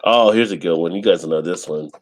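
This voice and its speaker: A man hosting a casual live stream chat, rambling in a relaxed way and laughing often. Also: deep voice, a little fast, slight background noise.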